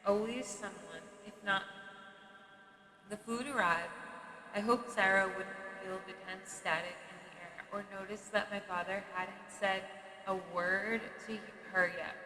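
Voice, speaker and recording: A woman reading a memoir aloud at a steady pace, sometimes stumbling and restarting a phrase. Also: medium pitch, a little slow. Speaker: reader. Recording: echoey room with long reverb and faint noise.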